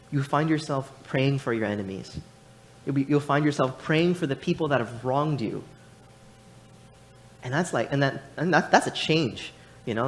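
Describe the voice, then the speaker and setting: A young man preaching a sermon in a church, animated and rambling, with many restarts and casual fillers. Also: fairly high pitch, a little hiss or hum.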